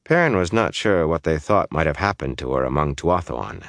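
A man reading a fantasy novel aloud as an audiobook narrator, in a measured, even way. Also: extremely low pitch, gravelly, dry recording, clean studio sound. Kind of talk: scripted narration.

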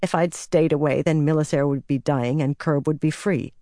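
A woman narrator doing a sharp-tongued young healer from an audiobook. She talks briskly and with some strain, pitched above the narration. The sound is dry and close. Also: fairly even intonation, dry recording, natural voice. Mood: defiant.

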